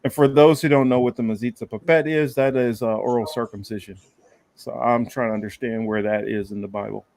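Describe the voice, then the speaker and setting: A man in a casual podcast chat, talking haltingly with lots of fillers and blunt, crude remarks. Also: mid-range voice, fairly even intonation, gravelly, a little mellow.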